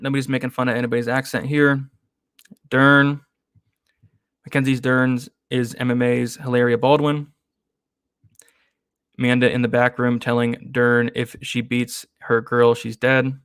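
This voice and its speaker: A man hosting an MMA betting stream in a relaxed, chatty way, giving picks and answering viewer comments. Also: medium pitch, dry recording, studio quality. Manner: relaxed, chatty, with frequent fillers and laughs. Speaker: host of an MMA betting show. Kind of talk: casual live-stream chat reading viewer comments.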